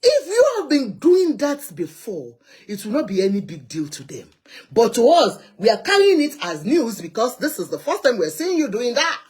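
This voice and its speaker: A woman, a husky-voiced Nigerian host with a Nigerian accent, who swings her voice up and down as she rants, pleads and chats. She runs a live call-in show from inside a heated car, talking freely and with feeling. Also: fairly high pitch, normal speed. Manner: animated, chatty, rants and pleads. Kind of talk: opinionated live social commentary.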